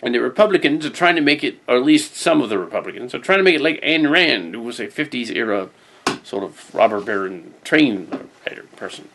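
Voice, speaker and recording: Animated gravelly man ranting casually. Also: medium pitch, brisk, background noise. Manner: rambling, wry, self-interrupting. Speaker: show host. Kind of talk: casual rambling rant to camera. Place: home studio.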